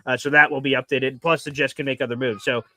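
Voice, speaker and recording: A man hosting a casual sports talk show, animated and jokey. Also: mid-range voice, quick pace, dry recording. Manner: animated, jokey, mimics fans. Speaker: podcast host.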